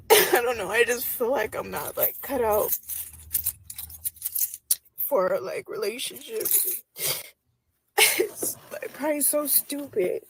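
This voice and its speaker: A woman's voice: fairly high pitch, slow pace, creaky, pauses often, slight background noise. A woman in her twenties speaking hesitantly in a confessional vlog clip, filling her talk with "like" and nervous laughter. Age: 20s. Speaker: woman in a played video clip.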